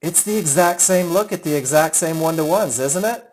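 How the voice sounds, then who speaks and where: Reviewing his students' trades and addressing each by name, this middle-aged man teaches a live trading webinar with chatty enthusiasm. He speaks at a normal speed in a slightly high voice, captured on a low-quality recording.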